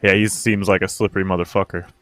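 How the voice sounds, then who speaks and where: Roleplayer, man, very deep smooth voice, rapid and blunt, dry close mic. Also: flat delivery, fairly bright tone, no echo. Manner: quick, terse, profane. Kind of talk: in-character roleplay chat.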